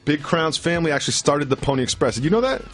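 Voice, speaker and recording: A man co-hosting a podcast with quick, joking banter. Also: fairly high pitch, big pitch swings, soft background music. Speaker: podcast co-host.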